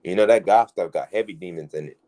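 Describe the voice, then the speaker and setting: A man's voice: deep voice, fast talker, mellow, slight background noise, rough recording. A man telling a personal story in a casual, rambling way, restarting his phrases as he goes. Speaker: street preacher in group discussion.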